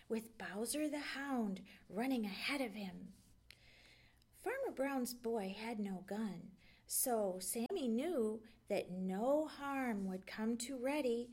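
A woman library storyteller reading a children's bedtime book aloud. Her voice is high and lively, unhurried, with sudden drops into a hush for suspense. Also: slightly rough. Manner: slow, expressive storytelling with dips into a hush.

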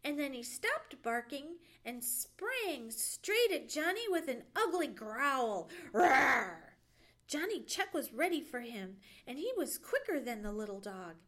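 A woman librarian reading a bedtime story aloud with expressive storytelling. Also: high-pitched, a little slow, few pauses. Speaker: children's librarian.

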